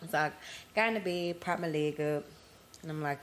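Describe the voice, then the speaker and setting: A woman's voice: deep voice, moderate pace, a little hiss or hum. A woman hosting her own podcast, telling her story candidly in casual chat to her listeners. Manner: candid, conversational, addresses listeners as y'all. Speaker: podcast host.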